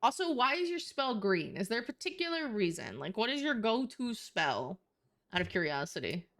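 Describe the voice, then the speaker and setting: A woman's voice: fairly high pitch, big pitch swings, normal speed, fairly bright tone. A woman streamer chatting casually while she draws, playful and a little scattered.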